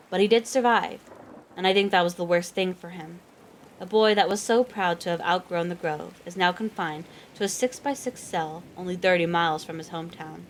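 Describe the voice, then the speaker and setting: A woman's voice: on the low side, slight background noise. A woman reading a novel aloud on a live stream, reading steadily and breaking off now and then for chatty reactions. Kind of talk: live read-aloud with asides.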